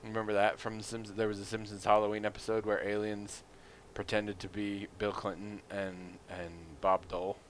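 A man's voice: on the low side, completely flat delivery, moderate pace, few pauses, a little hiss or hum. A man from the United States in casual conversation, who talks playfully and acts out scenes in silly voices. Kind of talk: casual chat.

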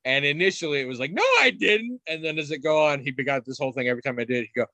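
A man's voice: medium pitch, steady tone, very fast, pushed and bright, no echo. Middle-aged guy telling long stories in a casual chat, keeps restarting, no room sound at all. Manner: rambling storyteller with frequent restarts.

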